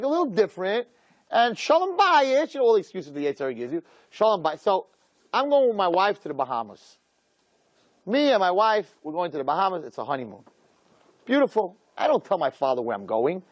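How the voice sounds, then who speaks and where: Animated male rabbi telling a story. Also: no room sound, dull audio. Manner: animated, acts out dialogue with quick pitch swings. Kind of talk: storytelling talk.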